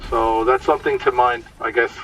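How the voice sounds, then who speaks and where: A man's voice: medium pitch, fairly even intonation, fairly quick, fairly bright tone, distant mic, soft background music, low-quality recording. A man giving casual, explanatory commentary over his gameplay, sometimes stumbling over words.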